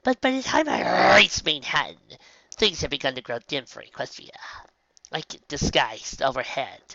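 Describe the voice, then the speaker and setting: A woman's voice: low voice, very animated, normal speed, creaky, no echo, full character voice. A woman voicing a once-boastful young female unicorn who sometimes calls herself by name, recorded on a dull lo-fi home setup. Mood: reminiscing. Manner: speaks of herself in third person at times, soft storytelling.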